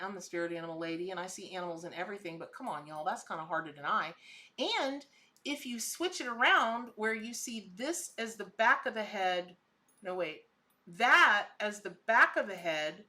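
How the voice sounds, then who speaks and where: A woman's voice: medium pitch, pushed and bright. A middle-aged woman, hosting a live stream and chatting with viewers, gushing and exclaiming. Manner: chatty and gushing, exclaiming at what she sees. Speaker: livestream host, tarot and spirit animal reader.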